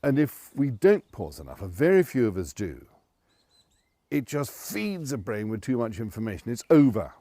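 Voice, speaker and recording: A man's voice: medium pitch, normal speed, dry recording. A man, a presentation coach giving conversational advice straight to camera. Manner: conversational, animated, with quoted asides.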